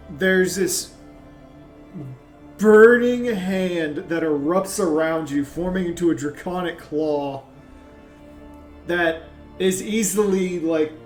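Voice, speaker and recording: A man narrating as game master in a tabletop game, unhurried and filling gaps with "like". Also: high voice, reverberant. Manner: unhurried, with frequent "like" and trailing pauses.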